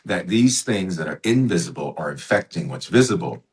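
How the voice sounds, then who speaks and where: A man's voice: low voice, very animated, moderate pace. A man, a bishop and author, talking as a podcast guest with a preacher's cadence, emphatic and repeating his phrases. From United States. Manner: emphatic, repeats phrases, acts out inner voices. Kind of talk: conversational interview with preacher's cadence.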